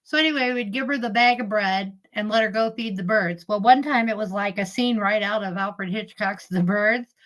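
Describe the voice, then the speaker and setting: A woman's voice: mid-range voice, moderate pace, hardly any pauses, fairly bright tone, poor audio. A middle-aged woman, live streaming in casual chat, telling family stories with frequent laughs and greeting viewers. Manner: chatty storyteller, laughs often, greets viewers.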